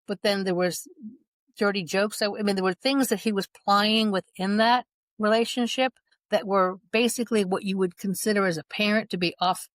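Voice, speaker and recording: A woman's voice: medium pitch, normal speed, no echo. Earnest middle-aged mother recounting events. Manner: earnest, reenacts dialogue in her retelling. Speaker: guest, mother. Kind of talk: personal account in conversation.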